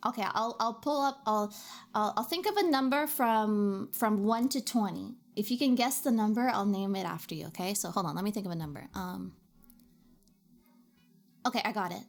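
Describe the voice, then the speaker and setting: A woman's voice: mid-range voice, moderate pace, faint music behind. A young woman streaming a game in casual chat, giggly and chatty, often restarting her sentences. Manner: giggly, chatty, self-interrupting.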